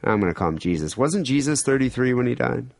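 A man's voice: fast talker, gravelly. A man co-hosting a podcast, telling stories in loose, rambling casual banter. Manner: rambling, animated storytelling with sudden jumps in pitch. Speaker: podcast co-host.

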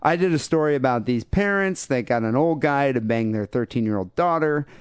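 A man's voice: medium pitch, animated, a little fast, clean tone, dry recording. Rambling, joking male podcast host. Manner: jokey, rambling, many fillers. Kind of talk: casual comedy podcast chat.

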